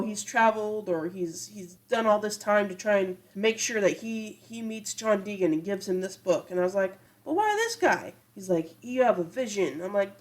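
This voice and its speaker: A woman's voice: mid-range voice, low-quality recording. A woman hosting a podcast, casually recapping an episode in a chatty, fond way, with lots of "you know" and "like". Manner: chatty, fond, quotes characters in passing; frequent "you know" and "like" fillers. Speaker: podcast host.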